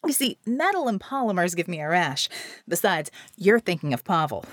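Brief: woman voicing a laid-back genie man, dry jokes, lively pitch, storybook. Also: moderate pace, no echo. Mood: amused. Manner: dry, joking. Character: smirking male genie, easygoing joker.

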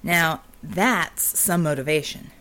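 A cocky male acrobat with a sneer in every word, played by a woman reader. His voice drops a little lower and drawls slowly as he goads. The character comes from an audiobook. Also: sharp tone, exaggerated voice. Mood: mocking. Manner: sneering, mocking.

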